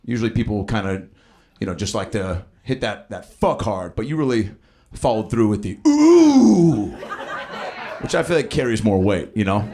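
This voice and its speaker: A man in his thirties doing improvised stand-up, riffing on audience suggestions with profane, animated storytelling. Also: fairly low pitch, normal speed. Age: 30s. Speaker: stand-up comedian. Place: comedy club stage. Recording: live club with crowd laughter. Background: audience laughter.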